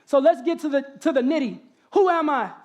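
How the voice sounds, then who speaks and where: A young man from Texas with a Southern accent, giving an animated spoken-word poem and talk as a college guest speaker, speaking directly to the audience. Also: extremely high pitch, a little fast. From Galveston, Texas. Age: young adult. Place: college convocation auditorium.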